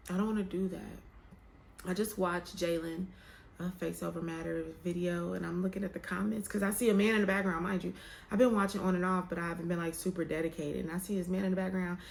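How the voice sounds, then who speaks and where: A woman's voice: lowish voice, vocal fry, slight background noise. A young woman vlogging to camera, candid and emotional as she talks about faith and waiting, with a colloquial, drawling way of speaking. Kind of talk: casual heartfelt chat to camera. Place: room with some echo.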